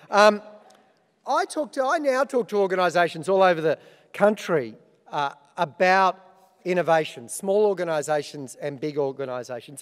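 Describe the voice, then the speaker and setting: A middle-aged Australian man with a fairly high voice hosts an awards ceremony, his speech carrying a big-room sound. His comic opening speech features self-deprecating stories with dry punchlines.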